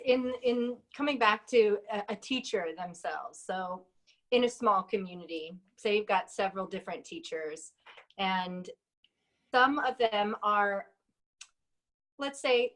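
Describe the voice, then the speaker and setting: A woman's voice: mid-range voice, fairly bright tone. A woman interviewing a tango teacher, asking long questions with hesitant phrasing.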